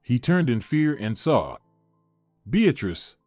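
A man reading a scripted dramatic story aloud as narrator, in an expressive storyteller voice. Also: mid-range voice, slow, dry recording, faint music behind.

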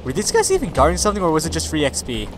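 A man giving let's play commentary. He is excitable, swears a lot and yells at his game companion. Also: a little high, rapid-fire, faint music behind. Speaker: gaming video creator.

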